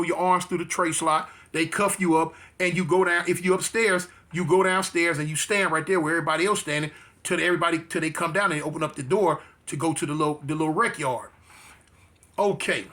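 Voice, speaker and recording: A man's voice: high-pitched, brisk, sharp tone. A man casually telling a story, with streetwise slang, emphatic repeats and frequent restarts. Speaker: interview guest.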